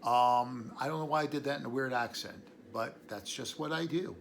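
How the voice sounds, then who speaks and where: Gravelly-voiced man, rambling herbal talk. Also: mid-range voice, normal speed, a little hiss or hum. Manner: rambling, prone to tangents; chuckles between thoughts. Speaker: herbalist host. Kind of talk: casual educational talk.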